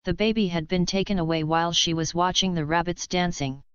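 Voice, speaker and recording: A woman narrating a bedtime story in a plain, even storytelling manner, in a dull lo-fi recording. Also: on the low side, a little fast, smooth, dry recording.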